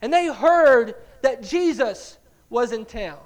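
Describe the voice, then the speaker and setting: A man preaching a sermon, telling stories in an animated way, dropping to quiet asides and rising to loud dramatic cries, often repeating words as he builds. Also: very high-pitched, slow pace.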